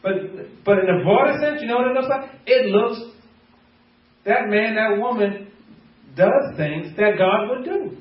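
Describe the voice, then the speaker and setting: A man's voice: sits high, measured pace. A man preaching a sermon as a pastor, playful and laughing often as he acts out bits of everyday talk. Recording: echoey room, voice from far off, dull sound.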